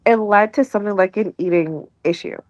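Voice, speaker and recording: A woman's voice: mid-range voice, a little fast, no echo, lo-fi sound. Female co-host with a stutter; casual chat, dry sound. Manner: stutters, restarts words.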